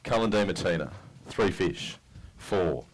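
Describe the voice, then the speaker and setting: A man's voice: low-pitched, lively intonation, measured pace, slightly rough, rough recording. An Australian man emceeing an outdoor fishing tournament weigh-in, chatting in a matey, upbeat way with each angler as he reads out their weights. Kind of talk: live weigh-in commentary. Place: outdoors at a boat ramp.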